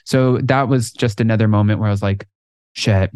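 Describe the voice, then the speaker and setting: A man co-hosting a podcast in casual chat, telling lively stories and acting out other people's lines. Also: lowish voice, brisk, clear, resonant tone, no echo, clean studio sound. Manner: animated storyteller, acts out quotes. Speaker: podcast co-host.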